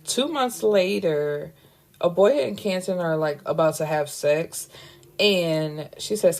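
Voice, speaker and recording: A woman with a fairly low, gravelly, darkish voice recaps a novel as a book reviewer, casual and candid. She takes it slowly with lively intonation, swearing freely and tossing in wry asides.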